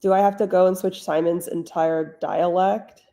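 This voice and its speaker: Wry woman with a gravelly, mellow voice. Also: lowish voice, steady tone, moderate pace. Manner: blunt, wry and direct. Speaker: author hosting a writing stream. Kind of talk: casual live-stream chat answering questions.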